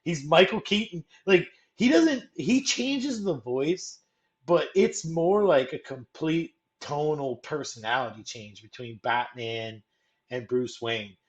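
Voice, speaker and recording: A man's voice: on the high side, slow pace. A young man co-hosting a casual movie chat, rambling and filling his talk with "like". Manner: rambling, full of "like", acts out quotes. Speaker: co-host.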